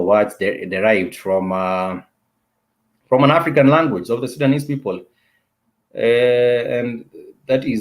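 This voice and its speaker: A man hosting an online language class, chatting casually with viewers in a halting way, restarting his sentences often. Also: on the low side, a little mellow. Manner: hesitant, halting speech with many restarts.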